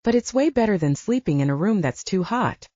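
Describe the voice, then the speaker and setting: A woman's voice: medium pitch, expressive, brisk, dark tone, no room sound, lo-fi sound, natural voice. Woman doing Sybil, a bubbly teasing girl. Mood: playful. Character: playful young woman, teasing companion.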